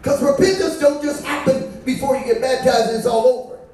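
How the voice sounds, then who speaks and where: Preaching as a bishop, a man delivers a conversational sermon that the congregation answers back. His voice is very high-pitched with a darkish tone, and he speaks fairly quickly. Soft music plays behind him, captured from a distance in an echoey church.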